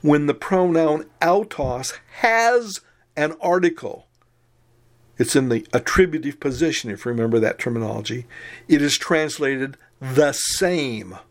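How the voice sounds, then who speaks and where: A man's voice: a little high, animated, unhurried. A man teaching a recorded Greek grammar lesson, methodically reciting and explaining word forms.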